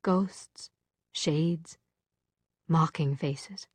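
A woman narrating a novel in a measured, softly dramatic reading. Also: fairly low pitch, dry recording. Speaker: audiobook narrator. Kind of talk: scripted narration.

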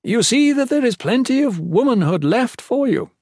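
A woman's voice: fairly high pitch, lively intonation, normal speed, a little mellow, husky, dry recording, studio quality, pitched above the performer's own voice. A man voicing a noblewoman and mother who teases while calling out over a crowd. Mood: teasing. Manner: teasing, raised over a crowd. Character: commanding noblewoman, a mother, teasing.

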